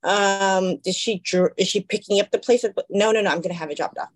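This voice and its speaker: Husky-voiced woman telling stories. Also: mid-range voice, fairly quick. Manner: animated storyteller, acts out quoted voices. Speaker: podcast co-host. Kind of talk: casual chat.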